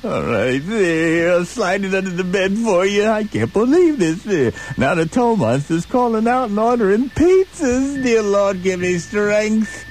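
A man hosting a comic radio bit, telling a story in an exasperated, animated way on a studio mic. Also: sits high, faint music behind. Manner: exasperated, animated, does quick voices. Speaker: radio host.

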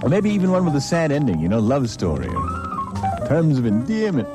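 A man's voice: fairly high pitch, normal speed. A man delivering a playful comic advice monologue, acting out the scenes as he talks. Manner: animated, playful, acts out scenes. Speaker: comedian. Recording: music playing underneath.

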